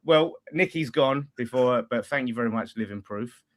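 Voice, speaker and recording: A man's voice: medium pitch, normal speed, a crowd in the background. A man hosting a casual post-match fan chat, reading out viewer messages and laughing often. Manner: chatty, laughs often, reads messages aloud. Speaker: fan channel host reading super chats.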